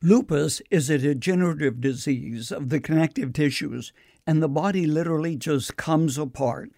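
An older man, a preacher, earnestly recounting a personal story in a measured way. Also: fairly high pitch, a little mellow.

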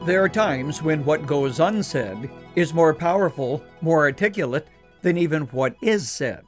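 A man's voice: a little high, lively intonation, soft background music. Earnest man giving a radio devotional. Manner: measured, earnest, slows down for emphasis. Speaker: radio commentator. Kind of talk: scripted devotional radio commentary.

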